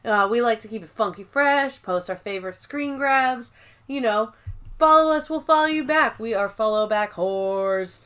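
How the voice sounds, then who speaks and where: A woman's voice: fairly high pitch, moderate pace, a bit bright, smooth. A woman co-hosting a podcast, chatting in a breezy, laid-back way and chiming in with short agreements. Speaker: podcast co-host. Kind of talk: casual chat recapping TV episodes.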